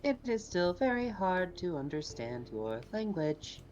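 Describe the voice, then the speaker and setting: A woman's voice: on the low side, big pitch swings, measured pace, darkish tone, dull audio, faint music behind. A woman reading the lines of a formal, polite alien man in a video game, with stiff, careful phrasing.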